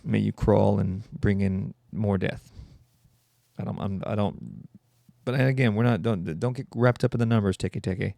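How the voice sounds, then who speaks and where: Gravelly, sarcastic male podcast host. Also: on the low side, fairly even intonation, moderate pace, mellow, no room sound. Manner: sarcastic, rambling, mocking. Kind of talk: solo comedic podcast monologue.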